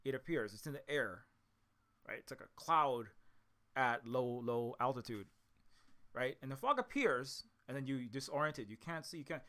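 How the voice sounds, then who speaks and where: Man from Hawaii, bright tone, middle pitch, rambling solo talk, often repeats words and restarts. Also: animated, normal speed. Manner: repetitive, restarts often, ends points with "right?". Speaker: indie game developer talking to his audience.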